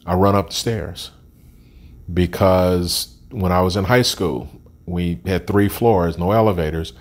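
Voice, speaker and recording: A man's voice: deep voice, a little slow. A man in his sixties telling his life story as an interview guest, candid and plain-spoken with frequent ums and restarts. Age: 60s.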